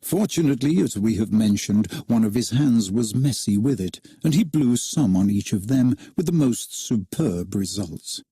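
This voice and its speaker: Man reading a kids story out loud, kinda husky, lots of expression in the voice. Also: lowish voice, moderate pace, few pauses, dry recording, studio quality. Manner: expressive, animated narration.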